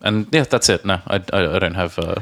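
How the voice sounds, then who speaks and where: Man cohost, lowish voice, easygoing, lots of yeah and um. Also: fairly quick, fairly bright tone. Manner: laid-back, frequent agreeing interjections, hesitant fillers. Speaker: podcast co-host and English teacher. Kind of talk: casual teaching chat.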